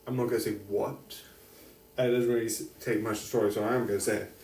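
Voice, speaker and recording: A man's voice: fairly low pitch, flat delivery, fast talker, a little mellow. A man giving a casual, rambling film review, correcting himself often and laughing between thoughts. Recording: echoey room, distant mic.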